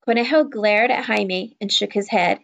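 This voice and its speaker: A woman reading a children's novel aloud in a steady, even storytelling voice. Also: medium pitch, moderate pace, creaky, muffled recording. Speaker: children's book reader. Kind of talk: read-aloud narration.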